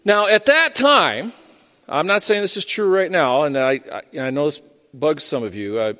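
A man's voice: fairly high pitch, animated, moderate pace, pushed and bright. A man preaching a sermon in a conversational, storytelling manner, in what sounds like a church sanctuary. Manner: conversational and storytelling, with frequent fillers and restarts. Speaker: pastor. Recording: long reverb of a large hall.

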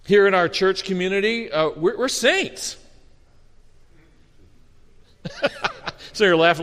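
A man preaching a sermon as a pastor, animated and storytelling with humor, often restarting his words. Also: high-pitched, slow pace, long pauses. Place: church sanctuary. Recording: long reverb of a hall.

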